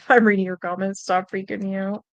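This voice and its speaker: A woman's voice: mid-range voice, fairly even intonation, normal speed, no echo. A young adult woman hosting a stream, telling a personal ghost story in a rambling, casual way with lots of fillers, mild swearing, and an earnest, spooked tone. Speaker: host.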